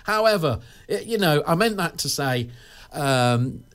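A man's voice: a little high, lively intonation, a little slow, fairly bright tone. A man with an English accent presenting a local radio show, in chatty, jokey banter that rambles and stumbles over repeated words.

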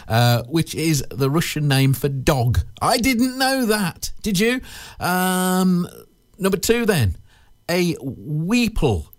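A man in his twenties presenting local radio in a chatty, jokey, self-mocking way. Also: on the high side. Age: 20s.

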